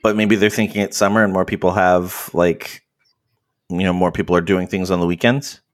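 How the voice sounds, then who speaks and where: A man's voice: deep voice, fairly even intonation, normal speed. A man co-hosting a podcast, chatting in an easygoing way and sometimes trailing off mid-thought. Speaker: podcast co-host. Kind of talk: casual chat.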